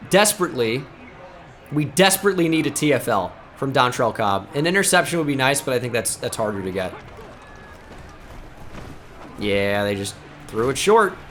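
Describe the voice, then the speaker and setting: A man hosting a gaming video, joking and commentating on his gameplay, shouting out big plays. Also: on the high side, slight background noise. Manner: excitable, jokey, breaks into shouted play-calls.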